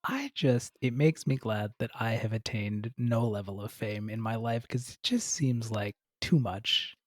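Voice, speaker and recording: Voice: medium pitch, a little slow, no echo, studio quality. A podcast co-host chatting casually and complaining with comic exasperation. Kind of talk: casual chat.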